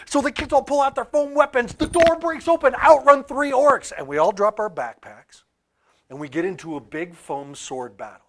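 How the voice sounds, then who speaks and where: A man telling a story in a talk about archetypes, animated, with loud peaks and quiet asides. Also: very high-pitched, normal speed. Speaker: author and speaker on archetypes.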